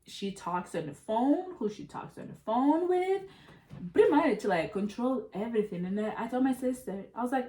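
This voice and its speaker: A young woman telling a story in casual chat, animated and profane, calling her listeners "y'all". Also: a little high, moderate pace. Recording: roomy echo.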